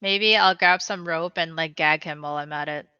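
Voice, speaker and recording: A woman's voice: low voice, fairly even intonation, normal speed, pushed and bright, clear, resonant tone, dry recording. A young woman playing a tabletop game, speaking bluntly and sarcastically in character. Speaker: player. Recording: dry, dull lo-fi sound.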